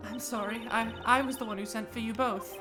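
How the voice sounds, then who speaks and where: A woman voicing a frightened, gentle young woman on trial, who speaks timidly with stammers. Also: on the high side, steady tone, fairly quick, natural voice. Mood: pleading. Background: game music.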